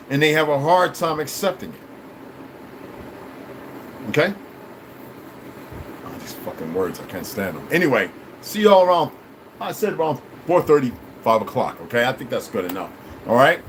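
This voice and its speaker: A man's voice: medium pitch, slight background noise, poor audio. A man hosting a livestream, talking to his viewers in a blunt, profane, preachy way. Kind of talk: rambling casual livestream chat.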